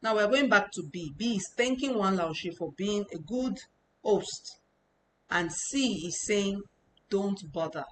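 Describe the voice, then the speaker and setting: Woman, informal teacher, walks students through each point and goes over it again, medium pitch. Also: expressive, unhurried, a little hiss or hum, poor audio. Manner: explanatory, repeats points, talks them through step by step. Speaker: language teacher. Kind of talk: informal online lesson.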